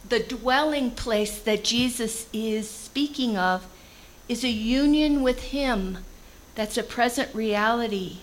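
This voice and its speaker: A woman's voice: on the high side, slow, slight background noise, low-quality recording. A woman preaching a conversational sermon, reading scripture and explaining it in plain everyday language.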